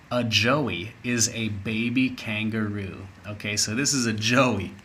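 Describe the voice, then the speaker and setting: Brief: man, teacher reading a children's story, expressive, explains slowly. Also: lowish voice, slight background noise. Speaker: English teacher. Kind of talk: reading a story aloud to young learners.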